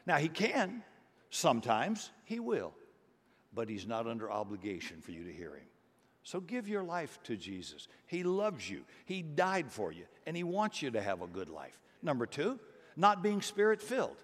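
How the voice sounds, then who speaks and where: A middle-aged male pastor preaching with earnest conviction, his voice sitting at an ordinary middle pitch. He pushes into emphatic bursts now and then, and the sound rings out with a long hall reverb. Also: wildly swooping pitch, normal speed. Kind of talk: sermon.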